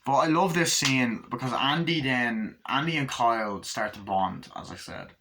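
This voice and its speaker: A man giving a casual movie review, retelling scenes in an animated way with lots of swearing and fillers. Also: medium pitch, moderate pace, noisy background.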